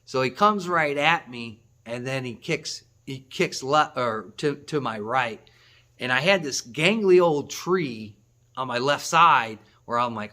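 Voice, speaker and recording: A man hosting a hunting channel, telling a story to the camera in a rambling, excitable way, with laughs and restarts. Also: mid-range voice, unhurried.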